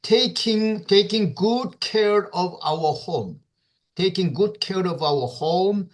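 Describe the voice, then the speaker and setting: A Korean-accented man leads an English lesson. He speaks at a slow pace in a slightly high voice. He keeps repeating words and checks in with "okay?". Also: expressive. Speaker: English teacher. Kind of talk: online English class.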